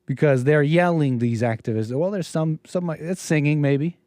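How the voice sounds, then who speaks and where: A man's voice: a little high, normal speed, hardly any pauses, warm tone, dry recording, studio quality. A man hosting a live stream, commenting on a video in a rambling, sarcastic way with frequent restarts.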